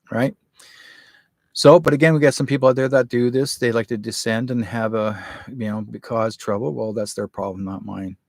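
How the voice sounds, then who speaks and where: A man's voice: mid-range voice, dry recording, clean studio sound. A man hosting a live online talk show, telling a long personal story in a rambling, casual way and acting out the dialogue.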